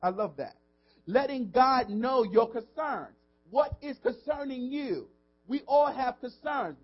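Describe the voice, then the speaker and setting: A pastor preaching in a church, his man's voice pitched high above most men's. He moves from soft, tender lines to loud, stretched-out declarations and keeps calling out "come on" to the room. The audio is dull and lo-fi. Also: expressive, measured pace. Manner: preaching with rising and falling intensity, call-and-response asides. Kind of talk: sermon.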